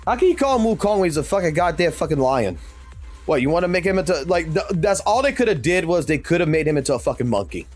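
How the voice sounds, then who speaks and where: A man streaming games, talking in an excited, rambling way with constant swearing. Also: on the high side, fast, soft background music. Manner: profane, animated, rambling. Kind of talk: excited gaming stream talk.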